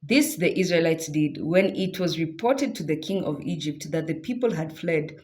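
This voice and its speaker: Brief: a low-voiced woman reads scripture expressively and breaks in with casual comments. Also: normal speed. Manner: expressive, animated, adds comments and affirming hums. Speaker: Bible reader. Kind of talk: scripture reading with casual asides.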